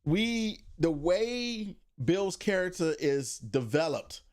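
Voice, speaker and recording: Animated high-voiced man chatting casually. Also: slow pace. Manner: animated, laughing, slangy, acts out scenes in put-on voices. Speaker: podcast co-host. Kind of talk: casual chat reviewing a TV show.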